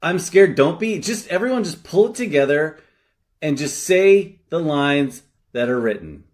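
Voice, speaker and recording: An exasperated director running a botched AI horror shoot, voiced by a man. His voice sits a bit high and his commentary is sarcastic and scolding. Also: expressive, unhurried.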